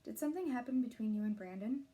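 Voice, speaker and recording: Lady reading a book aloud and doing a protective mom, gentle, soft and mellow, a bit higher than her narrating voice. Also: lively intonation, fast, natural voice. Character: caring protective adult mother, warm and firm.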